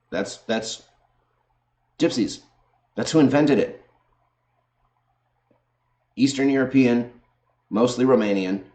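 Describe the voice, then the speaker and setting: A man's voice: medium pitch, a little mellow. A man ranting on video, sarcastic and combative, swearing heavily as he argues. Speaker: video host. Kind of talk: profane ranting commentary.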